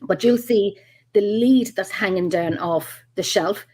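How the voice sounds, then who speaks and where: A woman with an Irish accent and a mid-range, slightly mellow, slightly rough voice speaks a bit slowly in a low-quality recording. A paranormal investigator, she chats casually as an interview guest, telling long rambling stories full of ums and restarts.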